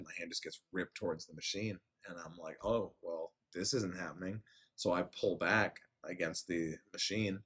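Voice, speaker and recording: A man telling a story in casual chat, animated and swearing freely. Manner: animated, swearing, jumps into high voices quoting people. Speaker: podcast host.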